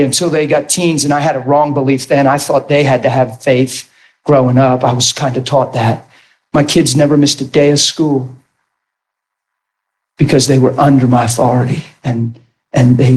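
A middle-aged man preaching a storytelling sermon in an animated, lively way, often acting out characters and laughing. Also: medium pitch.

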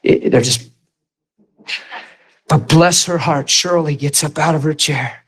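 Animated preacher man telling stories. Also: slow pace, breathy edge. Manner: animated storytelling, acts out quotes in high excited voice. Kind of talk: sermon with healing testimony.

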